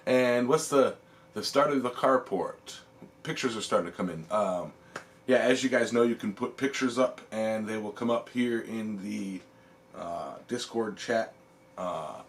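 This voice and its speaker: Low-voiced guy hosting a stream, laid back, lots of ums and little laughs, faint hiss behind. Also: unhurried, long pauses. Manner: chuckles often while reading chat; relaxed, rambling, lots of ums. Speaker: livestream host. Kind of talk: casual livestream chat.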